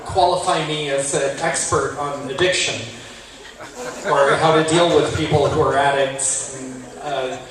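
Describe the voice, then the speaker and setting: A man's voice: medium pitch, fairly even intonation, unhurried. Hesitant man asking from a crowd. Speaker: audience member asking a question. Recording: echoey hall, distant mic, crowd behind.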